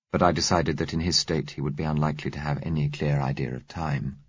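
Man, audiobook narrator, husky low voice, dry close sound, measured telling. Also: no echo. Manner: measured, even storytelling. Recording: dull, muffled recording.

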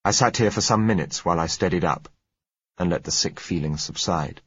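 A man narrating a novel in the first person, measured and understated. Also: low-pitched, fairly bright tone, breathy edge. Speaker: audiobook narrator. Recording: dull, dry lo-fi recording.

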